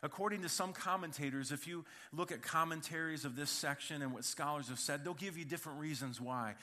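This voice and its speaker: A man's voice: fairly high pitch, fairly quick, sharp tone. A man preaching a sermon in church, opening with prayer and then telling a humorous personal story in a conversational way, speaking directly to the congregation. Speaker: pastor.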